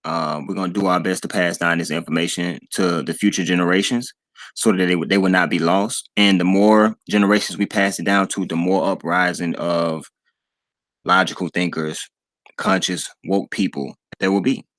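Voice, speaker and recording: A man's voice: low-pitched, fairly even intonation, moderate pace, a bit bright, dry recording. A man, talking casually to his viewers in a preachy way, repeating himself and calling them y'all. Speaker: channel host.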